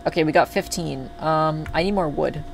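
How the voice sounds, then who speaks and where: A man's voice: fairly high pitch, normal speed, gravelly, a little hiss or hum. A man streaming a video game, chatting casually to his viewers and swearing freely when things go wrong. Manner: chatty, talks to chat, swears when upset.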